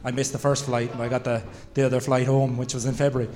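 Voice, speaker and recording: A man, a former footballer, telling relaxed, chuckling anecdotes in casual chat. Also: medium pitch, fast talker, slight background noise.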